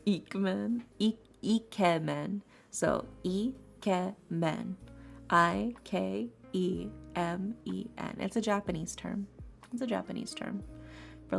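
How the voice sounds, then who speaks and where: With faint lofi music behind her, a woman streams tarot readings from home in casual, rambling chat, laughing often and saying things twice. Her voice is gravelly and fairly low.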